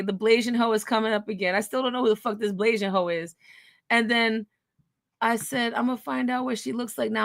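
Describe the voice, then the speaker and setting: Woman commentator, high bright voice, dry close sound, crude and mocking, reads texts aloud between sudden loud jabs. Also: no echo. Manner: shifts from hushed asides to loud outbursts. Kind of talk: profane commentary reading out text messages.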